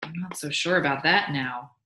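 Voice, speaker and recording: A woman's voice: sits low, normal speed, bright, forceful tone, a little hiss or hum. A woman voicing a worried, indignant young mother who presses her husband with questions, in a read-aloud story. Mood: alarmed, scolding. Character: anxious, scolding young mother and wife. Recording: echoey room.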